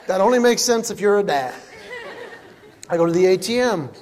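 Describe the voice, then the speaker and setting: A middle-aged man doing a stand-up comedy routine, telling family stories with animated punchlines on stage in a large hall. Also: high voice, normal speed, a loud crowd, very noisy. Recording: reverberant hall with faint ambience.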